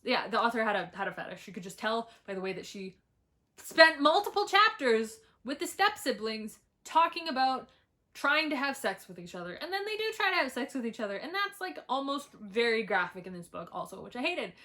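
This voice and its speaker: A young woman reviewing books she disliked, talking bluntly, swearing and laughing between animated outbursts. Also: fairly high pitch, a little fast. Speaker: book vlogger. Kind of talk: ranting book review.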